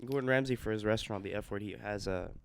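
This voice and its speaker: A young man hosting a casual podcast chat, telling travel stories in an excited, animated way. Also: fairly low pitch, quick pace. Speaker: podcast host.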